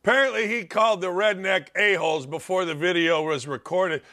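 His voice sits high and moves at normal speed as he hosts a talk radio show. The monologue is opinionated and excitable, marked by repetition, stammering restarts and phrases said again and again.

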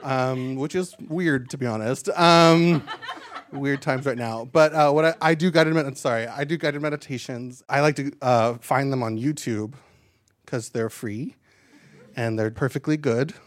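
A man's voice: mid-range voice, unhurried. A man doing a stand-up comedy set on a live stage into a handheld mic, chatty and self-deprecating with lots of asides.

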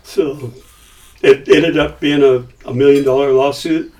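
An older man telling a story as a guest, with lively acting-out of the dialogue he quotes. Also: mid-range voice, unhurried, recorded from a distance. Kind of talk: casual storytelling.

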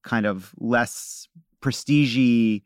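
A man hosting a podcast, delivering a loud, mock-furious comic rant full of swearing. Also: medium pitch, very slow, clear, resonant tone, dry recording, clean studio sound. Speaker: podcast host.

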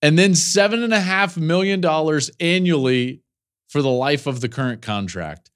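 Here's a college football analyst in his forties doing podcast commentary on the week's news, his mid-range voice smooth, expressive, fairly bright, and ranging widely in pitch. He often slips into quick stories and laughing asides.

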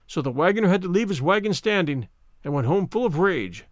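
A man reading fairy tales aloud in a measured, expressive storytelling manner. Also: high-pitched, dry recording, clean studio sound.

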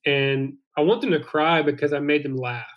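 Brief: male guest author, fairly high voice, wry and deadpan. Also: normal speed. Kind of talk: casual interview chat.

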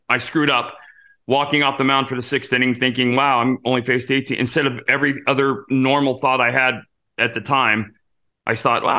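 A man in his fifties, a podcast host and former pitcher, telling stories in a casual, rambling monologue with many fillers and restarts. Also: pushed and bright.

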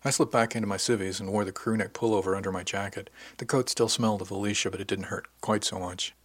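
A man narrating a first-person science fiction serial in a calm, even storytelling manner. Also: fairly low pitch, fast, no room sound. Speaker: narrator and podcast host.

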